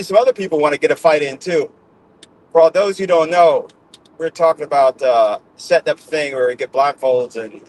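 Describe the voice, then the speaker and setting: A man's voice: fairly high pitch, low-quality recording. Middle-aged man, casual rambling monologue, frequent chuckles, faint vehicle hum behind. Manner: laughs often, ends phrases with "man". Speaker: podcast host talking to his audience.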